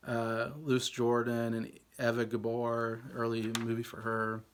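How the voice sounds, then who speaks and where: A man's voice: mid-range voice, completely flat delivery, measured pace, a little hiss or hum. A man reviewing old films in a casual, rambling way, full of fillers and hedges. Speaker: film reviewer. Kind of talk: casual movie ranking talk.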